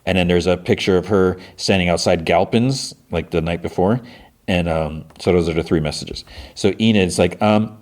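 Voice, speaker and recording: A man's voice: deep voice, normal speed. A middle-aged man hosting a podcast, casually recapping a show with a rambling manner. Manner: rambling, many fillers and restarts. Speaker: podcast host.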